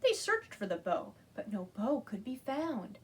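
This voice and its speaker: Librarian woman reading storytime aloud, slow and animated, slightly husky. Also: on the high side. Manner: animated, asks children to join in. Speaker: children's librarian. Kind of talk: reading a picture book aloud.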